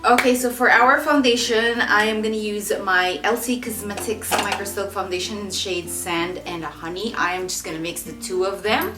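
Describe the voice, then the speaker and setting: In a roomy, echoing space with faint music behind her, a young adult beauty vlogger chats through a makeup tutorial. Her mid-range voice holds a steady tone at a moderate pace with hardly any pauses, and she doubles up words for emphasis.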